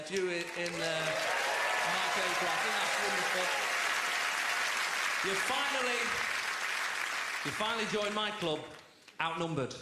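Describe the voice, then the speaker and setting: Brief: male stand-up, high voice, chatty and self-mocking, on a theatre stage with a loud crowd. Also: very noisy. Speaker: stand-up comedian. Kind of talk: stand-up comedy routine. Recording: echoey theatre, loud audience.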